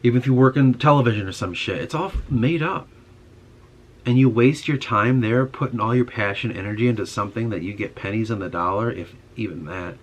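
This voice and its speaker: A man's voice: fairly low pitch, fairly quick. A young man in a casual monologue, ranting with frustration and heavy swearing. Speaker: podcast host.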